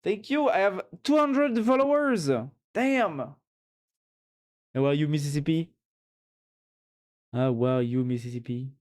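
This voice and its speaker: A man's voice: high voice, a little slow, pauses often, a little mellow, clear, resonant tone. Chatty French-accented male streamer. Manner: chatty, reads chat aloud and thanks followers; rambling, with fillers and giggles. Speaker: live streamer. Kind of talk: casual live-stream chat.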